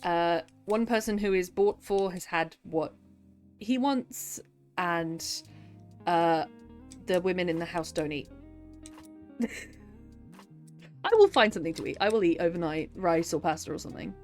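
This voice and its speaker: A woman's voice: lowish voice, expressive, a little slow, long pauses, darkish tone, soft background music. A woman chatting casually on a live writing stream, answering her chat and laughing often.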